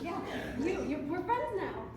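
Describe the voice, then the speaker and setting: A woman's voice: very high-pitched, sing-song, unhurried, over a noisy crowd, heavily acted. A woman playing a cruel, bratty young stepsister in a live stage comedy, snide and hammy. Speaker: stage actor. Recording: echoey live stage from far off.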